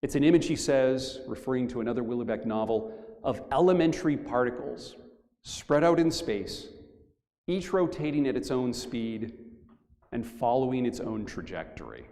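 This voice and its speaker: A man's voice: mid-range voice, animated, dark tone. Middle-aged man lecturing in a reverberant church. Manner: measured, emphatic delivery with deliberate pauses. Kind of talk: formal academic lecture. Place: large church.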